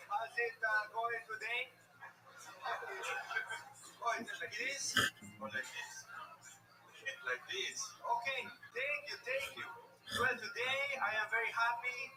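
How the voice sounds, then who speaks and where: A man's voice: high-pitched, distant mic, rough recording. A man doing a stand-up set in a put-on foreign accent with broken English. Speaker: stand-up comedian. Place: live comedy club stage.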